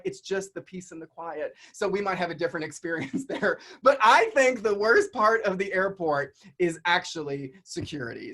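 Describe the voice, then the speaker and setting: A man from the American South giving a keynote over a video call, telling a story to his audience and calling them y'all. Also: on the high side. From Southern United States. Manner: animated, chatty, addresses audience as y'all. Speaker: keynote speaker.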